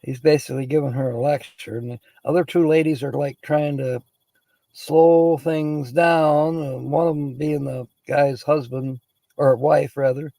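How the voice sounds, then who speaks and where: Man, livestream host, raspy gravelly voice, mellow tone, chatty, laughs a lot. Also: a little high, fairly even intonation, unhurried, no echo, low-quality recording. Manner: chatty, laughs often, greets viewers by name. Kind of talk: casual chat, reading word origins aloud.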